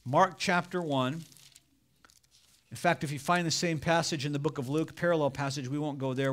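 A man's voice: on the high side, fairly bright tone. A man preaching a sermon as pastor, building in fervor and acting out quoted voices as he reads scripture.

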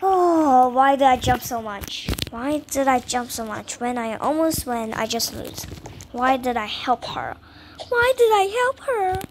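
A young woman chatting through a video game in a high, excitable voice. She talks at a slow, drawn-out pace, repeats herself, and slips into whispers. The recording carries clear background noise. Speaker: gamer. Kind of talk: casual gameplay commentary.

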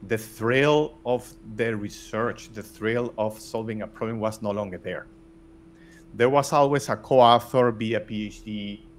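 A man's voice: fairly low pitch, a bit bright. A middle-aged man from Spain, talking bluntly as an interview guest with many restarts. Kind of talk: casual interview talk.

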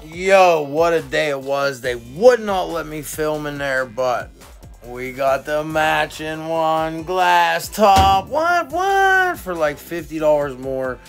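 A man talks through a casual vlog in a slow, unhurried drawl, swearing constantly and slipping into slang. He gets excitable as he rambles. Faint music plays quietly behind him. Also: on the high side, creaky. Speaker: cannabis vlogger. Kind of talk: casual profane vlog chat.

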